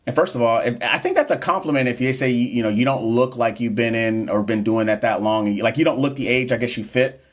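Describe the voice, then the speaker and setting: A man's voice: mid-range voice, fast, hardly any pauses. A man in his thirties coaching nursing exam questions on a casual live stream. He jokes with viewers, talks right to them and stumbles over long medical terms. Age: 30s.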